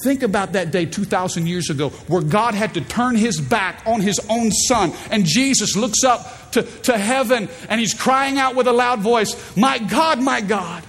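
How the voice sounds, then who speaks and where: High-voiced preacher man in a reverberant hall. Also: normal speed, few pauses, fairly bright tone, slight background noise. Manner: emphatic, calls on the congregation. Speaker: pastor. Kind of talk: sermon. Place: church stage. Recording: long hall reverb, faint ambience.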